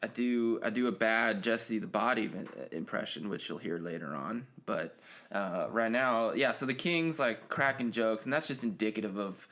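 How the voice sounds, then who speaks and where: A man's voice: fairly low pitch, normal speed, a bit bright. A man hosting a solo podcast, talking casually and rambling with many fillers and restarts. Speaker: podcast host.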